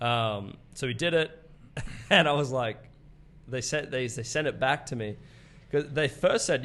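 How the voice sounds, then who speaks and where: A man's voice: mid-range voice, moderate pace, fairly bright tone. A man in his twenties with an Australian accent, a podcast guest telling stories in casual conversation, swearing freely and laughing often. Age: 20s.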